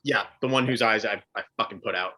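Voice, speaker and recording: A man's voice: lowish voice, fast, sharp tone. A man playing in a tabletop game, describing his character's actions and swearing casually. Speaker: player.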